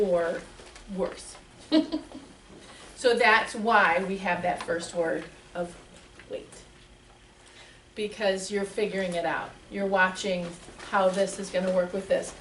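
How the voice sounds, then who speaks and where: A woman teaching a small gathering in a lively, chatty way, laughing often as she talks. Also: medium pitch, unhurried. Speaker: spiritual teacher. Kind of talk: lively talk to a live audience. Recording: echoey room, mic far off, faint hiss.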